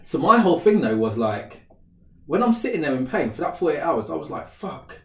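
His pitch fairly high and his pace brisk, a man in his thirties animatedly acts out a story during a casual chat. He laughs frequently and voices the quotes himself. The mic is somewhat distant, so the sound is roomy.

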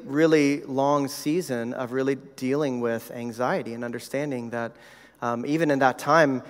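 A man in his thirties giving a sermon, telling a personal story in a conversational way with many fillers. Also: fairly high pitch. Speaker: pastor. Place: church hall. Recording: reverberant hall.

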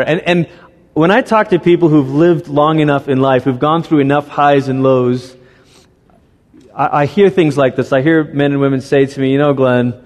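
Man preaching in a reverberant hall. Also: mid-range voice. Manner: animated storytelling with voiced characters and animal noises. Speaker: pastor. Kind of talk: sermon. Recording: long reverb of a large hall.

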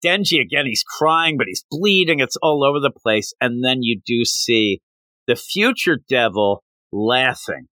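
A man's voice: medium pitch, animated, a little slow, sharp tone, no room sound. A man co-hosting a podcast, chatting casually and animatedly as he retells scenes from a comic chapter. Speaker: podcast co-host. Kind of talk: casual chat recapping a manga chapter.

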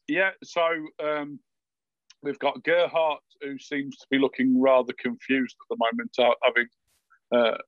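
A man's voice: medium pitch, creaky, dry recording. Guy gm'ing a tabletop game over a call, umms a lot, bit dull lo-fi mic, dry. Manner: hesitant, lots of fillers and restarts. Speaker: game master. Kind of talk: running a tabletop game online.

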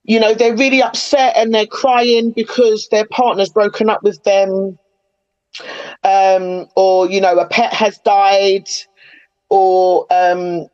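A woman's voice: medium pitch, flat delivery, slow, a little mellow, lo-fi sound. A woman in casual podcast chat, chatty and opinionated, retelling moments with animation.

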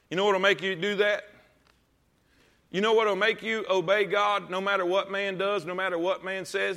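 A pastor at a church service preaches to his congregation in a high, bright, forceful voice. He is emphatic, fires off many rhetorical questions, and calls on listeners to read along with him.

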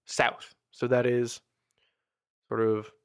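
A man's voice: mid-range voice, monotone, slow, clean tone, dry recording, studio quality. A man running a tabletop game as game master and host, describing scenes and chatting playfully. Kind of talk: narrating a tabletop game and podcast outro.

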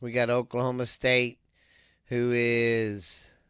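A man's voice: medium pitch, completely flat delivery, slow pace, fairly bright tone, clear, resonant tone, dry recording, studio quality. A man hosting a podcast, rambling loosely and cursing freely as he reads off scores and makes his sports picks. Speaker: podcast host. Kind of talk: casual sports picks monologue.

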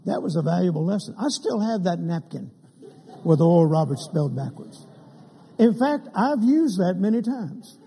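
A man's voice: sits high, expressive, moderate pace, warm tone, a little hiss or hum. An older man preaching a sermon, telling humorous stories and acting out the quotes of the people in them. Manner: humorous anecdotes with acted quotes. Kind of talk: sermon storytelling. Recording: long hall reverb.

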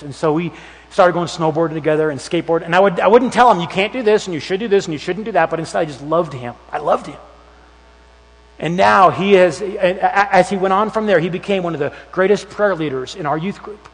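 High-voiced animated preacher man. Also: brisk. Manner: animated storytelling, acts out voices with shouts and whispers. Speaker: youth pastor. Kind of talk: sermon. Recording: long hall reverb.

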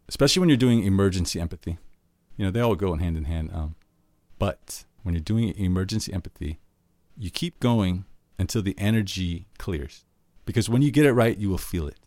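A man's voice: low-pitched, a little mellow, no echo. A man hosting a solo podcast, giving tips in an earnest, conversational way and acting out example questions. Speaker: podcast host.

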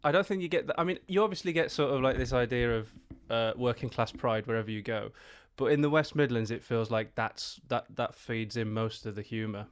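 A man from the Black Country with a Black Country accent, a comedian chatting as a podcast guest, halting with many restarts and easy laughs. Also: mid-range voice, smooth. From Black Country, England. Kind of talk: casual podcast chat.

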